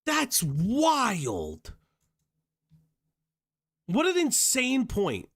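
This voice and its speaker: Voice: mid-range voice, huge pitch swings, drawn-out words. A streamer giving live reaction commentary, ranting with heavy profanity and exasperation.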